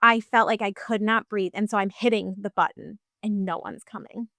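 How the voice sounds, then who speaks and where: A woman's voice: mid-range voice, fairly even intonation, normal speed, vocal fry, a bit bright, no room sound. A woman in her thirties, a podcast guest telling her personal story in a casual, chatty way full of fillers.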